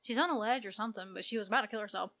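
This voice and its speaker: A young woman co-hosts a casual book podcast with a bright, clear voice. She retells scenes in an animated, chatty way, full of fillers. The talk is relaxed and conversational. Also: medium pitch, rapid-fire. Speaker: podcast co-host. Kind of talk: casual book-review chat.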